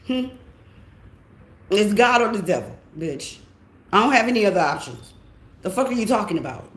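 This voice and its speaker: A woman, a tarot reader ranting casually, animated and profane. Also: a little high, normal speed. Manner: animated, profane, laughing often. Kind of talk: casual vlog rant. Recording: echoey room with faint hiss.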